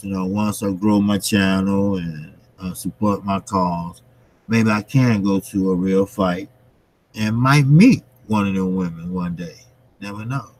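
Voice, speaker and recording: A man's voice: on the low side, no echo, rough recording. Laid-back rambling middle-aged man, dry. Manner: loose and rambling, many fillers, laughs often. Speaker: channel host. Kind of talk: casual chat to camera and viewers.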